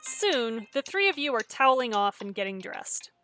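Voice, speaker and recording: A woman's voice: on the high side, very animated, normal speed, bright, forceful tone, faint music behind. A young woman streaming a story game, reading it aloud and chatting in a self-deprecating way. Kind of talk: reading a visual novel aloud while streaming.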